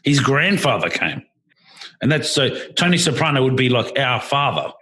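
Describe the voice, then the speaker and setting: Australian male podcast co-host, husky, animated storyteller. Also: medium pitch, normal speed. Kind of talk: casual chat.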